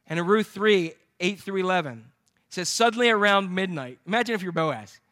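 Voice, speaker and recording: A man's voice: sits high, expressive, brisk, a bit bright. A man preaching a sermon, telling a scripture story with jokes to his congregation. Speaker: pastor.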